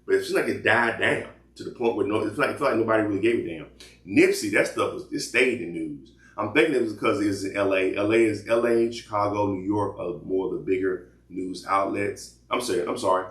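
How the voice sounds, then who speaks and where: A man's voice: lowish voice, fairly quick, fairly bright tone, roomy sound. A man hosting casual commentary, talking loosely with lots of restarts. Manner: loose rambling talk with repeated restarts. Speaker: commentary host.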